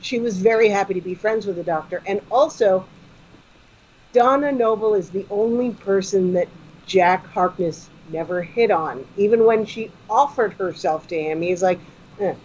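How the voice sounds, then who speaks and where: A woman's voice: medium pitch, moderate pace, darkish tone, husky. A woman guesting on a comedy podcast, chatting eagerly and explaining fan trivia. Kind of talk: casual podcast chat. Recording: dull lo-fi sound with faint noise.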